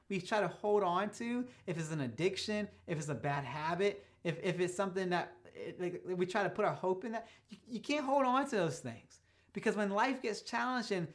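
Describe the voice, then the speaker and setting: A man preaching a sermon as a pastor, telling stories in a casual, conversational way and shifting his pace for emphasis. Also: sits high. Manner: casual storytelling preacher, speeds up and slows down for emphasis.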